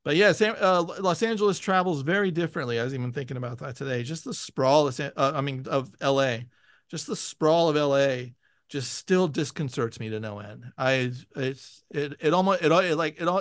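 A man talks casually in a fairly high voice, swinging into raised, animated voices when he quotes people in his stories. The sound is close and dry, with no room around it. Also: normal speed, no echo. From San Francisco. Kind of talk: casual chat.

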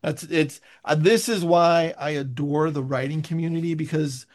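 A man and writer telling a story in casual podcast chat, animated and rambling, with many fillers and restarts. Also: a little high, moderate pace.

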